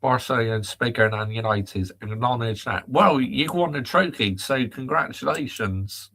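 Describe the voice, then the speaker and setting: Exasperated bright-voiced football host. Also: male voice, medium pitch, moderate pace. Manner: exasperated, reads out viewer comments and answers them. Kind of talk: live chat reaction rant.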